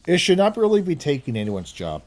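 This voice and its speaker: A man's voice: fairly high pitch, huge pitch swings, fairly quick, darkish tone. A young man vlogging his opinions in a casual, rambling monologue, laughing at his own jokes. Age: young adult.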